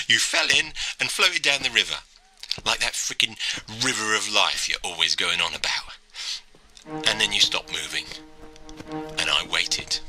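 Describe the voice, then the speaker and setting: A man's voice: medium pitch, animated, low-quality recording. A man playing a giggling killer. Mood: quiet gloating. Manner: giggling, sneering, drawn-out taunts. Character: gloating, mocking male killer taunting a victim. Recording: loud music underneath.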